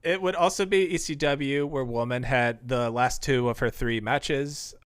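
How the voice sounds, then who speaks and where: A man's voice: mid-range voice, a little slow, smooth, no echo, clean studio sound. A man co-hosting a podcast, casually walking through dates and match results and laughing often. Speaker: podcast co-host. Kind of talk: casual podcast chat recounting history.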